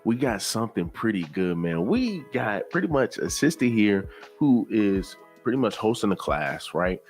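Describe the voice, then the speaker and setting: A man with a very low voice talks straight to his viewers in loose reaction commentary. He keeps tagging his phrases with "right" and "man." Faint music sits under his voice. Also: very animated, moderate pace, a little mellow. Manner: repeats "right" and "man" constantly, conversational. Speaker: commentary channel host.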